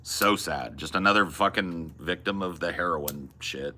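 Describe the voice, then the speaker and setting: A man's voice: low voice, measured pace, bright, forceful tone, slight background noise. A man in his forties chatting casually as a podcast host, rambling and laid-back, with plenty of casual swearing. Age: 40s. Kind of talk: casual chat.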